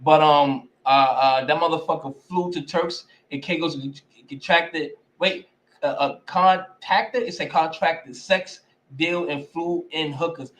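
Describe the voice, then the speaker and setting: A man's voice: a little high, fairly even intonation, measured pace, fairly bright tone. A man hosting a live stream, talking casually and profanely while reading viewer comments. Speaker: host.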